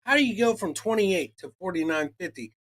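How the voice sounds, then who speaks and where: Talking fairly quickly, a man on a podcast he co-hosts rants casually with plenty of profanity and acted-out quotes. His voice is high and fairly bright, with lively intonation.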